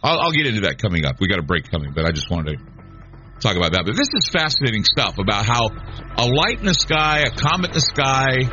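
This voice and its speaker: A man's voice: medium pitch, sing-song, fast talker, pushed and bright, dull audio, faint music behind. A middle-aged man hosting a late-night radio talk show, musing in a rambling, conversational way with many restarts.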